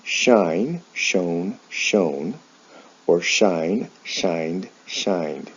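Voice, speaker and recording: A man teaching English verb forms, saying each example word slowly and carefully. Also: low-pitched, animated, slightly rough. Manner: slow, careful enunciation of example words. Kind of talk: slow explanatory pronunciation lesson. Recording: dull lo-fi sound.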